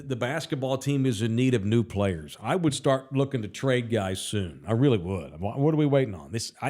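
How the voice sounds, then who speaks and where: Male sports talk host, middle pitch, ranting bluntly with swearing. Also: a little mellow. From Texas. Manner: blunt, heated, profane ranting. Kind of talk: casual opinionated sports talk.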